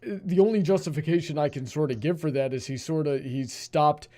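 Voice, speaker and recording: A man's voice: fairly high pitch, fairly quick, mellow. A man hosting a casual panel discussion, talking hesitantly with many restarts. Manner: hesitant, lots of restarts and fillers.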